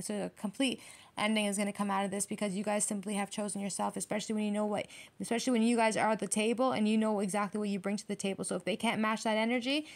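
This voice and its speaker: A woman's voice: medium pitch, fairly even intonation. A woman giving a tarot reading straight to her viewers, blunt and heavily profane, getting heated and repeating herself. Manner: fast, repetitive, direct address to viewers. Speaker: tarot reader.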